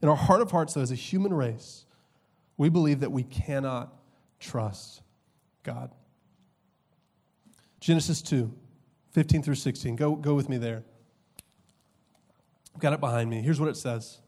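A young man preaching a sermon as pastor, conversational and humorous, with quick asides and slow emphatic drops. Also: medium pitch, mellow.

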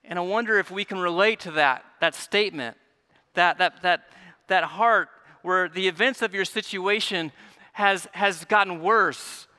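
Male pastor, higher voice with a bright edge, earnest sermon delivery that dips soft and swells. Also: a little slow, smooth. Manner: earnest, stumbling repetitions, drops soft then rises.

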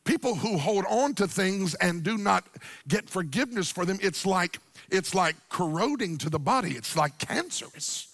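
A middle-aged man, preaching a sermon to a church congregation, animated, swinging from quiet storytelling up to near-shouted, sung-out lines. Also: high-pitched, normal speed, dry recording, studio quality. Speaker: pastor.

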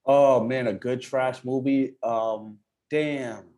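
A man's voice: medium pitch, steady tone, slow pace, dark tone. A man chatting casually as a podcast guest, laid-back and slangy, often laughing. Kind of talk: casual chat.

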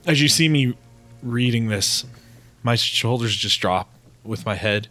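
A man's voice: medium pitch, measured pace, pauses often, fairly bright tone, faint music behind. A man playing a tabletop game, earnestly describing his character's actions. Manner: earnest, emotional, narrating his own actions. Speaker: player.

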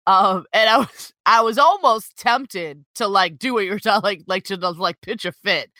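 A woman's voice: mid-range voice, a little slow, bright, forceful tone, no echo. A woman chatting casually who fills every sentence with "like" and swears freely. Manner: loose, peppered with "like", swears freely. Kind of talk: casual chat.

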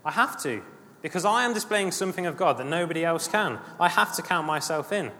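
A man's voice: a little high, expressive, brisk, sharp tone. A man preaching a sermon, earnest and emphatic, often repeating his phrases. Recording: long hall reverb, faint ambient noise.

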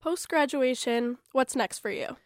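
High-voiced woman asking interview questions. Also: unhurried, no echo, clean studio sound. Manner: asks brief, plain interview questions. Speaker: radio show host.

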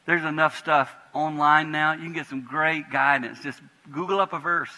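A pastor delivers a lively sermon in a church sanctuary, his voice bright and piercing. He swings between quiet, prayerful passages and sudden emphatic bursts. A long reverb trails every phrase. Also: fairly high pitch, moderate pace. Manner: animated preaching, swinging from hushed prayer to loud emphatic bursts.

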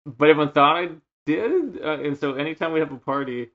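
A man's voice: a little high, a little fast, narrow, tinny audio. A man co-hosting a podcast, telling party stories in casual chat and acting out his friends' lines. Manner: animated storyteller, acts out friends' lines. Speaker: podcast co-host.

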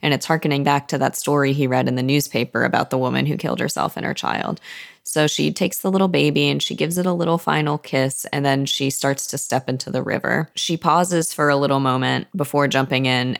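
A woman in casual conversation, retelling a book's plot with lively put-on voices for the characters. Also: brisk, creaky. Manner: animated, jumps into squeaky character voices. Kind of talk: casual book discussion.

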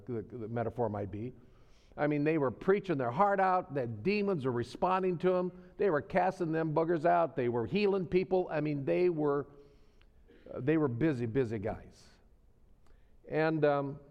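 A male pastor preaching in a folksy, conversational way, with a voice of ordinary middle pitch. He repeats phrases for emphasis and lets his voice fall soft at the ends of points. His voice carries a long reverb from a church sanctuary. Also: highs cut off. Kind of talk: sermon.

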